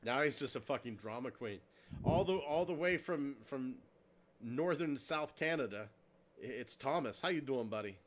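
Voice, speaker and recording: A man's voice: mid-range voice, lively intonation, normal speed. A man hosting a casual podcast at his home computer, cracking crude jokes and poking fun at himself. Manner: crude, joking, self-deprecating. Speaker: podcast host.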